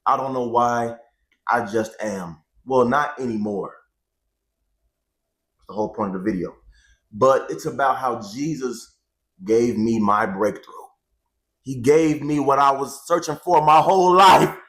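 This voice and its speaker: A man in his twenties talking to viewers in a casual, animated testimony, repeating phrases for emphasis, into a handheld microphone. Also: mid-range voice, a little slow, pauses often. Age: 20s. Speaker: vlogger.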